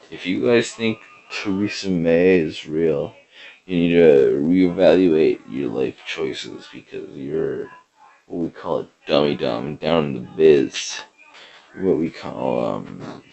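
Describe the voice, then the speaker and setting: Man, very deep voice, slow drawl, deadpan, rambling comedy podcast host. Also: gravelly, faint music behind, rough recording. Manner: rambling, many fillers, deadpan. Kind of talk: deadpan absurd comedy monologue.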